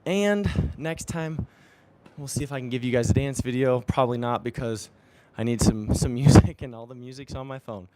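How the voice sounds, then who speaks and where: Man, mid-pitched voice, earnest spiritual coach, affirming tone, talking while exercising, faint background noise. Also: normal speed. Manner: earnest, affirming, chuckles often. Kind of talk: live-streamed motivational talk.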